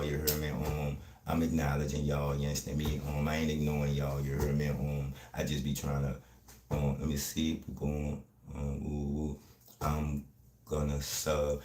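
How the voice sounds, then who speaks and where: A man, talking fast and streetwise in a casual livestream chat, often asking "you heard me". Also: very deep voice, darkish tone, reverberant.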